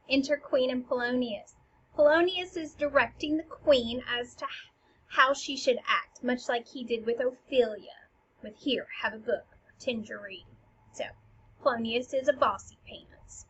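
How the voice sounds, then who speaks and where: A woman's voice: on the high side, fairly bright tone. A woman teacher explaining a play scene by scene in a chatty, playful way, in a slightly dull recording with faint hiss. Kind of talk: casual explainer lesson.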